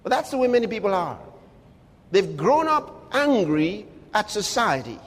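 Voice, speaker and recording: Emphatic high-voiced male preacher, reverberant hall. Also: very animated, measured pace. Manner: emphatic, rhetorical, swings between low asides and loud exclamations. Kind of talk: sermon.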